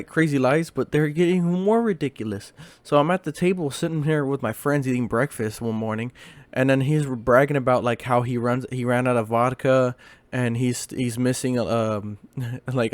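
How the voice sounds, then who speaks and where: A young man tells a story from his school days in a loose, rambling way, full of fillers and false starts. His voice sits at an ordinary middle pitch. The recording is dry and close, with no room echo. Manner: rambling, with many fillers and restarts. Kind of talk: casual storytime vlog.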